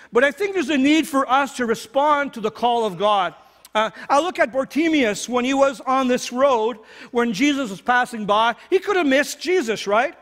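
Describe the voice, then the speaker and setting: A man's voice: very high voice, a bit bright, in a large hall. A man giving a sermon as a pastor, talking earnestly and conversationally with many restarts. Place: church sanctuary.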